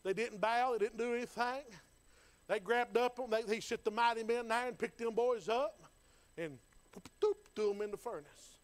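A man's voice: very high voice, moderate pace. A man preaching a sermon in a folksy, fervent style, building in intensity. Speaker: pastor.

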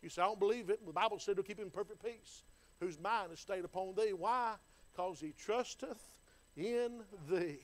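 A man's voice: sits high, normal speed. A man preaching a sermon in a folksy, fervent style, building in intensity. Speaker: pastor.

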